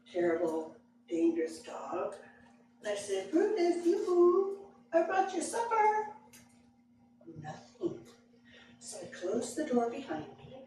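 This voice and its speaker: A woman storyteller telling a personal tale to a live audience, slow and dramatic with frequent chuckles. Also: mid-range voice. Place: library event room with live audience. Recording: echoey hall, distant mic, background noise.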